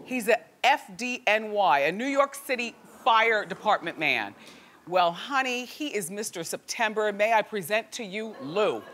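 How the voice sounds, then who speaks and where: A woman hosting a talk show, chatting and gossiping to a live studio audience with lively exclamations. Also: mid-range voice, measured pace, a little hiss or hum.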